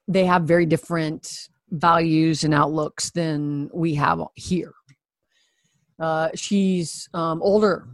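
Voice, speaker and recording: A coach telling a personal story to explain a point, talking in an earnest, reflective way with pauses and soft sighs. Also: mid-range voice, no echo, clean studio sound. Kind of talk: conversational teaching with personal story.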